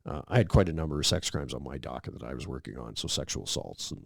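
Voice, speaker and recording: Middle-aged man with a very deep, gravelly voice, relaxed podcast guest spinning anecdotes and playing out the dialogue. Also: quick pace, no room sound, clean studio sound. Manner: relaxed anecdotal storyteller, acts out quoted dialogue. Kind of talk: casual storytelling interview.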